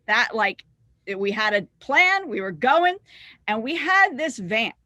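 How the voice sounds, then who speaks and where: Animated high-voiced woman telling road stories. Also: unhurried, no room sound, studio quality. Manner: animated, acts out quotes, swears freely. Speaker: singer in a rock duo, podcast guest. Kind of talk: casual storytelling. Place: podcast recording.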